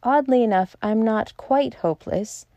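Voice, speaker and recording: A woman reading an audiobook aloud, voicing a grim, hopeless male police inspector who speaks quietly. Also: mid-range voice, a little slow, no room sound, natural voice. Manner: quiet, stony.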